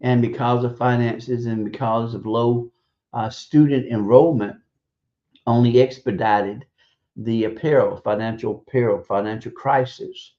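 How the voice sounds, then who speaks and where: A man giving blunt, profane, scornful opinion commentary on a radio stream, halting and hesitant between points. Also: medium pitch, fairly even intonation, mellow. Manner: hesitant, halting delivery with drawn-out pauses. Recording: dull lo-fi stream audio.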